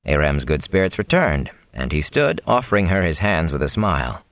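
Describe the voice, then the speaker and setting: A man narrating a fantasy novel aloud in an expressive reading. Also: a bass voice, normal speed, no echo. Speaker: audiobook narrator. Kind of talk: storybook narration.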